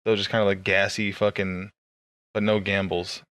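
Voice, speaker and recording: A man's voice: low voice, little pitch movement, moderate pace, fairly bright tone, no room sound. A young man from co-hosting a podcast, rambling through crude casual banter with lots of swearing and laughter. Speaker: podcast co-host.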